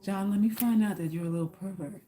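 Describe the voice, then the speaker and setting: A South Florida woman chats casually with viewers on a live stream, reading their comments aloud and firing back blunt, slangy teasing with some cursing. Her voice sits at an ordinary middle pitch, dark in tone, and she talks quickly.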